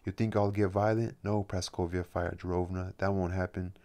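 A man's voice: low voice, flat delivery, normal speed, dark tone. A man reading the lines of a restless young male poet in an asylum, speaking in an earnest, pleading way.

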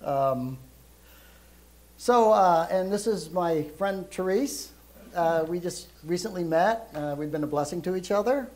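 A middle-aged man gives a casual church sermon, his voice on the high side for a man. He talks loudly and rambles, filling pauses with plenty of ums and uhs. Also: animated. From Brooklyn, New York, raised in Europe. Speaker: guest preacher.

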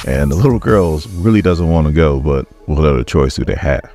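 Very deep-voiced man recapping comics. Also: lively intonation, fairly quick, dark tone, faint music behind. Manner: chatty, offhand storytelling with fillers. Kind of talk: casual comic book recap.

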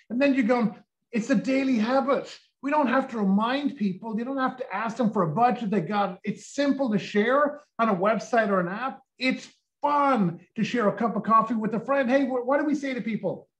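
A man in his sixties giving an energetic sales pitch on a video call, firing off rhetorical questions and acting out quotes. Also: fairly quick, rough recording. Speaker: company co-founder presenting.

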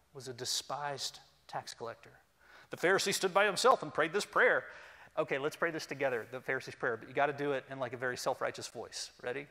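A pastor delivering a sermon, animated and humorous, leading his congregation to speak along. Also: on the high side. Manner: animated, humorous, leads the congregation in call-and-response. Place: church sanctuary. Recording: long reverb in a church hall.

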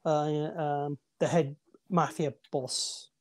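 A man's voice: a little high, steady tone, takes it slowly. A man co-hosting a casual movie review chat, rambling through film trivia with restarts and fillers. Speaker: movie podcast co-host.

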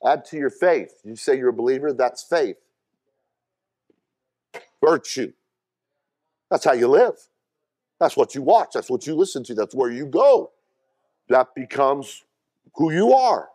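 A man's voice: lively intonation, measured pace, long pauses. Emphatic man preaching a sermon. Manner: emphatic preaching with sudden loud high bursts and quieter asides; repeats words and calls out questions to the congregation. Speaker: pastor.

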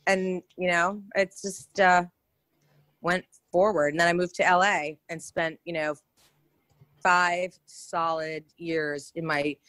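Chatty and animated, a New York actress tells anecdotes as a casual interview guest, often starting over mid-story. Her pitch is fairly low, and the recording has no room sound.

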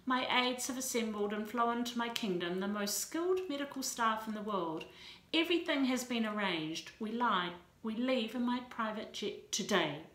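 A woman's voice: on the high side, lively intonation, moderate pace, a bit bright. A woman voicing a powerful sheikh who speaks in a curt, authoritative way, read in a storybook. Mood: cold. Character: cold commanding sheikh, powerful man. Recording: roomy echo.

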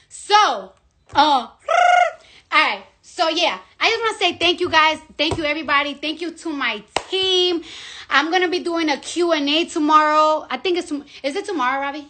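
A young woman chatting casually on a live stream, excitable and rambling, swearing freely as she talks. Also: high voice, normal speed.

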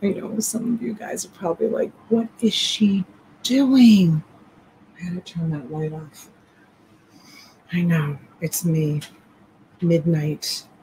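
Woman on a midnight live stream, slow easy talk, kinda hushed, little bit of room hiss behind her. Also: deep voice, fairly even intonation, vocal fry, rough recording. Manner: chatty, greets viewers by name, half-whispering. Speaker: live-stream reseller host. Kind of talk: late-night live chat. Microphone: USB desk mic.

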